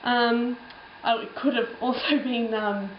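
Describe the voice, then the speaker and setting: A woman's voice: a little high, fairly even intonation, unhurried, a little hiss or hum. Young woman rambling about her trip, lots of ums, roomy slightly muffled sound. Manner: rambling, chatty, frequent ums and laughs. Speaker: travel vlogger. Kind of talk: casual travel storytelling.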